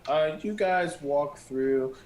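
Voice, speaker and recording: A man narrating as game master of a tabletop role-playing game, relaxed and descriptive. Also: on the high side, slow pace, a little hiss or hum, poor audio.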